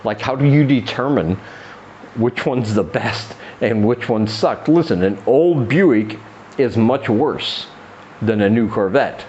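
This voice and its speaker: A man's voice: takes it slowly, darkish tone, lo-fi sound, slight background noise. A man hosting a comedy podcast, rambling through a crude monologue and acting out quoted voices. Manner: rambling, acts out quoted voices in a raised pitch. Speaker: podcast host.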